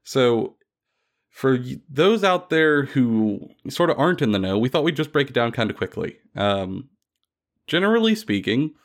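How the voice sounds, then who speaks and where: A man's voice: mid-range voice, normal speed. A man hosting a casual gaming podcast, telling stories playfully with many fillers. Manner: animated, playful storytelling with lots of fillers. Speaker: podcast host. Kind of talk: casual tabletop gaming chat.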